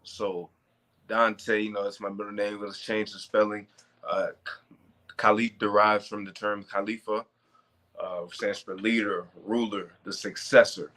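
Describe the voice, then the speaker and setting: A man's voice: fairly low pitch, little pitch movement, a little slow, fairly bright tone. A man in his twenties, a professional wrestler being interviewed, talking casually and stressing words for emphasis.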